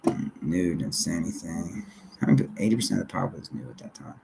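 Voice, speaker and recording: Man, casual rambling monologue, profane, lively swings in pitch, faint background noise. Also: brisk, gravelly. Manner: rambling, profane, laughing often, mutters.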